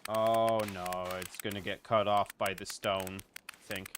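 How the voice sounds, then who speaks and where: A man's voice: on the low side, little pitch movement, a little slow, noisy background. A man chatting and joking sarcastically with friends while playing a survival game. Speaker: gamer. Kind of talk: casual co-op let's play chat.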